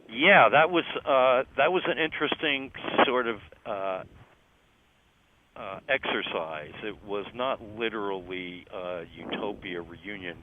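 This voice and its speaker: An older man with a Philadelphia accent, talking as an interview guest in a relaxed, halting way with many ums and uhs. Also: deep voice. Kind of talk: phone interview chat. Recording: tinny phone line, faint noise.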